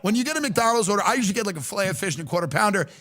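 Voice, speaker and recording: A man ranting as a comedian and podcast host, loud and mocking, with exaggerated outrage. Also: high voice, expressive, rapid-fire, no echo, clean studio sound. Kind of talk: comedic rant.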